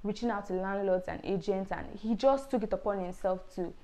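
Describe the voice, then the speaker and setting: A woman's voice: medium pitch, a little fast, warm tone. Young woman vlogging her story, earnest and emotional, lots of likes and ums. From Nigeria. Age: young adult. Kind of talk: personal testimony vlog.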